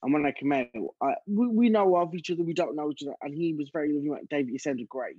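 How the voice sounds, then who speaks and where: A man's voice: fairly high pitch, quick pace, few pauses, breathy edge, no room sound. A man in his thirties, a musical theatre actor telling stories in a casual chat, acting out other people's voices. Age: 30s. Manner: animated storyteller, acts out voices. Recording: dull, dry close recording.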